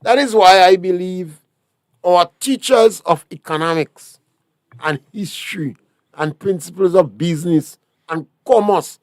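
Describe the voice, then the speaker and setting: A man's voice: sits high, measured pace, a little mellow, dry recording, studio quality. A man with a Grenadian accent, a talk show guest, lecturing emphatically with rhetorical questions. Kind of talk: political talk show discussion.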